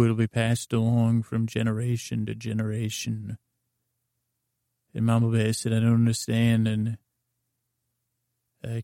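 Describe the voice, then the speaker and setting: A man spins a bedtime story off the cuff, wandering and pausing with fillers as he goes. His voice is slow, dark and gravelly, nearly flat in pitch, recorded dry and close. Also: no echo. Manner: rambling, halting, many fillers and restarts. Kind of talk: improvised bedtime story narration.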